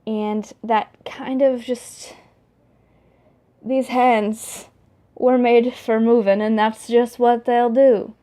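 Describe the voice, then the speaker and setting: A young woman talking casually to the camera in a vlog, chatty and animated, with many fillers and restarts. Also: fairly high pitch, takes it slowly. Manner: animated, talks with her hands. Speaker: vlogger.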